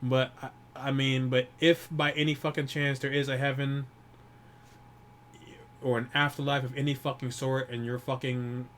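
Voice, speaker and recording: A man grieving while talking alone to the camera, rambling and swearing often, with many restarts and pauses. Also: mid-range voice, little pitch movement, fairly bright tone, a little hiss or hum. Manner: profane, rambling, frequent restarts. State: grieving, holding back tears. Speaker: YouTuber. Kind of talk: personal vlog monologue.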